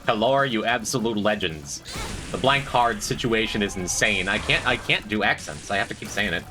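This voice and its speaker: A man's voice: lowish voice, expressive, moderate pace, music in the background. A young man streaming a game, chatting and joking with his chat as he plays. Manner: chatty, joking, reads and answers chat while playing. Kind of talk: casual gameplay commentary chatting with chat.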